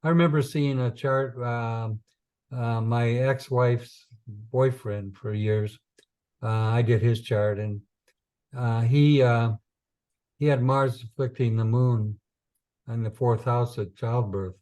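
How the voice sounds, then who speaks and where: A man explains astrology in a loose teaching talk. His voice is mellow and warm, pitched mid-range. He wanders between points, repeats himself and fills pauses with "you know" and "um", leaning earnestly into a preaching cadence. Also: fairly even intonation. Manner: rambling, with many fillers and repetitions. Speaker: astrologer teaching chart interpretation.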